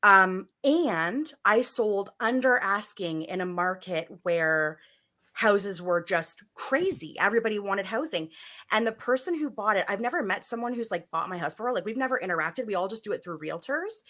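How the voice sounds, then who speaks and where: A woman in her thirties, a podcast guest, telling a story in a casual, animated way with many fillers. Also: mid-range voice, moderate pace. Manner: animated, filler-heavy, acts out voices in quotes.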